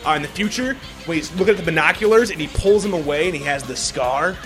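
A man in casual podcast chat, reviewing a film in a rambling, excitable way, swearing heavily and full of filler words. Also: on the high side, fast talker, music in the background. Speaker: podcast co-host reviewing a movie.

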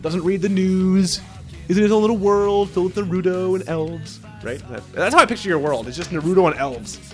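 A man's voice: high voice, fairly quick, a bit bright, faint music behind. A man co-hosting a podcast, joking around and swearing freely in casual banter. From Minnesota. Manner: profane, joking, playful. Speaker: podcast co-host.

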